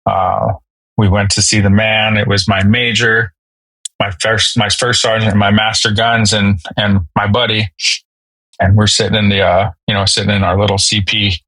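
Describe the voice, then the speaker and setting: A man in his thirties, a podcast guest telling a personal story in a halting, emotional way with many fillers and restarts. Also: on the low side, flat delivery, sharp tone, no room sound, rough recording. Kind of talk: candid storytelling.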